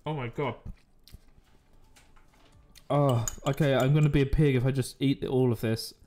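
A man's voice: medium pitch, fairly even intonation, normal speed, mellow. A man chatting casually on a live stream, joking and rambling while he eats at his desk mic. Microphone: desk microphone.

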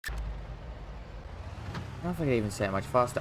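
Fast and lively in intonation, this man's mid-range voice cuts through a noisy background. He's a streamer giving casual gameplay commentary, rambling, mocking himself, and occasionally yelping at on-screen happenings.

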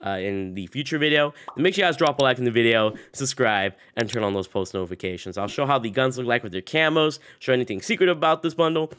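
A man's voice: medium pitch, animated, fast talker, hardly any pauses, fairly bright tone. Young man with a sick voice, upbeat. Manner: upbeat, rambling with fillers. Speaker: gaming YouTuber. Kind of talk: casual gaming commentary.

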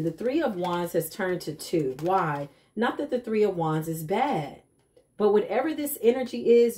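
A woman's voice: medium pitch, darkish tone. A woman reads tarot for an unseen audience. Her talk is loose and chatty, and she lands her points with emphatic slangy asides. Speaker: tarot reader. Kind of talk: casual tarot reading to camera.

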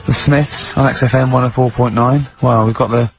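A man's voice: medium pitch, fairly even intonation, normal speed, gravelly, faint music behind. A man hosting a radio show in casual banter, joking and laughing often. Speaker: radio host.

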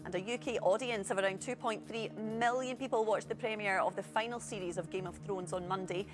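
A woman presenting an entertainment news show, bright and playful. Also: medium pitch, fairly even intonation, brisk. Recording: music underneath.

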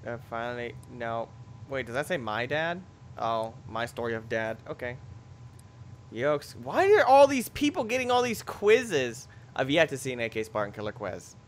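Young guy doing game commentary, voice jumps all over, yelps a lot, faint hum behind. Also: medium pitch. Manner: loud, jumpy reactions with shouts and laughs. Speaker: gameplay commentator. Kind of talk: excitable let's play commentary.

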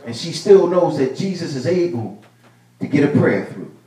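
Preacher guy in a big echoey church, mic far off, repeats himself and builds up loud. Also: a little high, sing-song, normal speed. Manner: preaching with rising bursts and repeated phrases. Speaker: pastor. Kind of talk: sermon. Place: church sanctuary.

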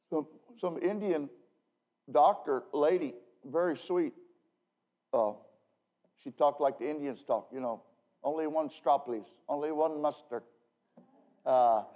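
In a church, a pastor with a fairly high, mellow voice preaches a casual evening sermon, joking and rambling. He bursts into emphasis now and then and restarts often.

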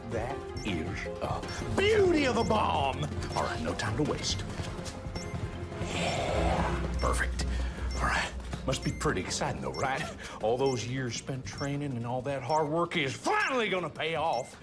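An actor playing a cocky, jovial veteran bomb technician who talks in a jokey, boastful way. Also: male voice, medium pitch, huge pitch swings, measured pace, loud music behind the voice.

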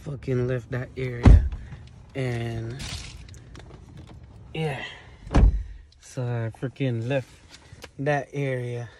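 A man vlogging in a relaxed, storytelling way, laughing often and swearing freely as he acts out what others said. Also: medium pitch, very slow, long pauses, very noisy. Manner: animated, laughing, profane, slangy, quotes others in his telling. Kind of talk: casual storytelling.

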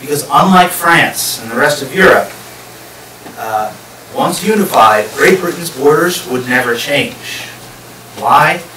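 Slow and expressive, with a voice a little high, a man delivers a public history lecture as guest lecturer to a live audience. He explains gradually and asks the people listening questions. Captured with a distant mic in an echoey room, the audio carries faint hiss.

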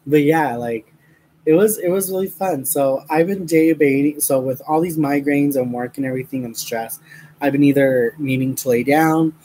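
A man's voice: on the high side, moderate pace, mellow, slight background noise, rough recording. A young man chatting to his viewers while crafting, rambling with many fillers and frequent laughs, mentioning a headache. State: has a headache. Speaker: crafting vlogger.

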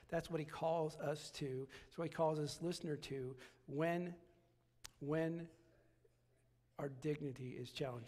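A man's voice: a little high, a little slow, pauses often, long reverb tail. A man preaching a sermon as pastor, repeating phrases and building to emphatic peaks. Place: church sanctuary.

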